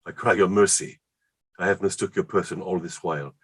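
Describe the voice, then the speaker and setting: A man reading the part of an excitable, word-smitten Elizabethan poet in a staged play reading, rhapsodic and quick to laugh. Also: low-pitched, breathy edge, heavily acted. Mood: rapturous.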